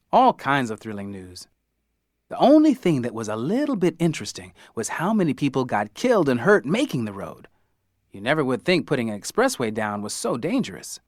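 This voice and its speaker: A man narrating an audiobook in the first person, with an expressive, wry storytelling manner. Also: medium pitch, dry recording, studio quality.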